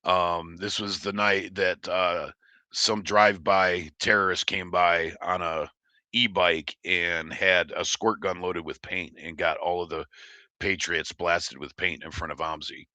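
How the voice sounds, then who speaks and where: Low-voiced, forceful man on a livestream. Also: fairly even intonation, measured pace, dry recording. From Oregon. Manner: rambling, blunt and profane. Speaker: livestream host. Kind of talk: casual livestream chat, reading chat.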